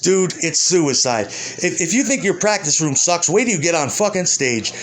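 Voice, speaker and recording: A man's voice: a little high, animated, moderate pace, fairly bright tone. A man, a musician, in a rambling and profane rant, combative and heated. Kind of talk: ranting monologue.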